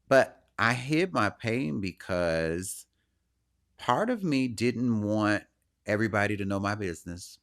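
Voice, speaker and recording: A man in the middle of his range hosts his podcast and reflects out loud on his own emotions. He speaks earnestly and in a searching, self-questioning way. Now and then he acts out other people's voices with animation. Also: mid-range voice, a little fast. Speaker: podcast host. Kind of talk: personal reflective monologue.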